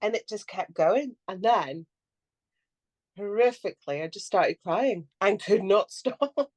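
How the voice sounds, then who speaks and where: On a relaxed podcast, a young adult actress speaks unhurriedly in a mid-range voice. Her storytelling is lively, peppered with laughter and with her acting out others' words.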